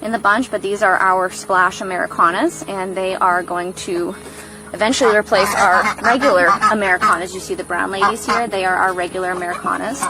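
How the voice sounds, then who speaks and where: A woman's voice: steady tone, brisk, over music, low-quality recording. A woman giving a casual farm tour, chatting about her animals outdoors. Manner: chatty, cooing at animals in a high baby voice. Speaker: farm vlogger.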